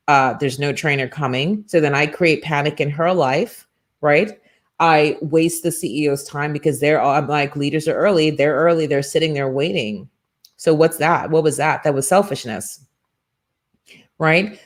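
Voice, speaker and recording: A middle-aged woman hosting a morning show, telling a story in an animated, casual motivational style with frequent asides. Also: low voice.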